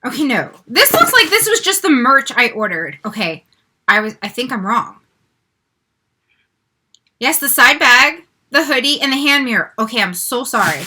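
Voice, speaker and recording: A woman in her forties hosting an unboxing vlog, excitable, gasping and squealing as she talks. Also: high voice, moderate pace. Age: 40s. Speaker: vlogger.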